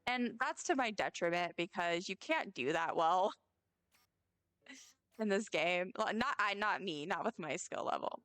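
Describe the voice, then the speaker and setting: Smooth-voiced chatty woman streamer. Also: mid-range voice, expressive, measured pace, long pauses, fairly bright tone, no room sound. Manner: chatty, rambling, many fillers. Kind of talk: casual gameplay chat.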